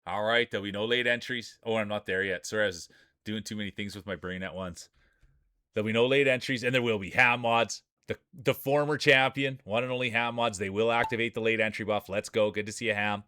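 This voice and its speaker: A man's voice: fairly low pitch, steady tone, brisk, sharp tone, clean tone, no echo, clean studio sound. A man streaming live, commentating marble races in a chatty way and greeting viewers by name. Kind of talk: play-by-play commentary.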